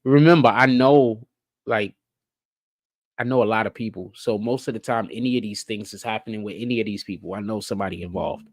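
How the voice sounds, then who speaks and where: A live-stream host giving casual, profane commentary, piling up rhetorical questions and swinging between low mutters and excited high stretches. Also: a little fast, dry recording, clean studio sound. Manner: rhetorical, keeps asking questions, profane slang.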